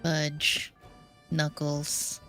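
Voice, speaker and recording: A woman playing a tabletop game talks slowly in a fairly low voice. She thinks aloud and second-guesses her moves. Faint music plays behind her. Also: completely flat delivery, fairly bright tone. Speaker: player.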